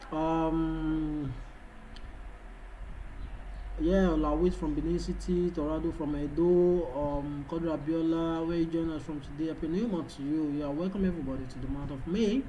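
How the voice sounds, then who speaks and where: A man's voice: on the high side, dark tone, slight background noise, rough recording. A Nigerian man whose first language is Yoruba, hosting a trading livestream and hyping up viewers with repeated calls while putting on a foreign-sounding English accent. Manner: hyped, repetitive calls to viewers. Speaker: livestream host, trading analyst. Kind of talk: live-stream chat with viewers.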